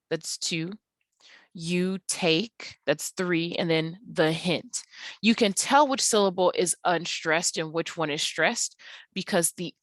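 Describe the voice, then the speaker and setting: A woman's voice: fairly low pitch, a bit bright, dry recording. A woman teacher talking through lecture slides, explaining patiently with frequent ums and uhs. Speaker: English teacher.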